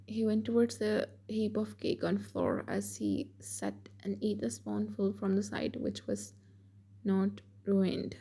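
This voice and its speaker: A woman narrating a fan fiction romance story in a steady scripted read. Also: medium pitch, slow, gravelly, slightly rough.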